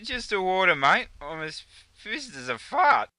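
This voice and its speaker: A man's voice: high-pitched, very animated, a little slow, pushed and bright, dry recording, exaggerated voice. A man with an Australian accent voicing a drunk male mate who keeps turning down another beer, slurring and apologetic. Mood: sheepish.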